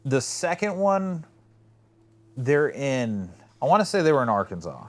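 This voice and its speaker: A podcast co-host rambles through stories in casual chat, animated and acting out quotes complete with swearing. His voice is medium-pitched and his pace measured.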